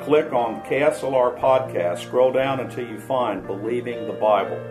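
A man hosting a radio show, reading a scripted dialogue aloud in a measured way. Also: mid-range voice, over music, rough recording.

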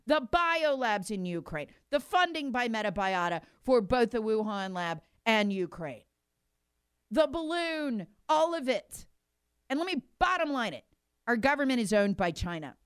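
Woman, middle-aged, political commentary, emphatic, animated, dry sound. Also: a little high, clean tone, no room sound. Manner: emphatic, indignant, sarcastic mock quotes. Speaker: talk show co-host.

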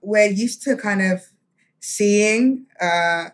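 A woman co-hosting a casual chat, encouraging and quick with short agreements. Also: mid-range voice.

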